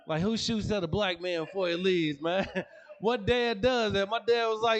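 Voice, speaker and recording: High-voiced man doing stand-up. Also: fairly quick, fairly bright tone. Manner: storytelling, slangy, acts out family members. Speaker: stand-up comedian. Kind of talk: stand-up comedy set. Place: comedy club stage.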